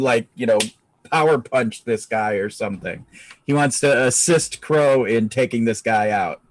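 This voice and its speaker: This is a man describing his hero's moves in a tabletop game. He talks slowly and haltingly, with many restarts, and the sound is dry and close to the mic. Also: medium pitch, no room sound, low-quality recording. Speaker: player.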